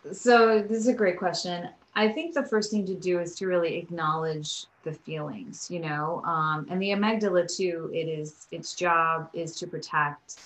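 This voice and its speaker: A woman's voice: on the low side, fairly even intonation, normal speed, hardly any pauses, fairly bright tone, poor audio. A woman guest on a podcast interview, a yoga teacher telling stories and acting out quotes with animation.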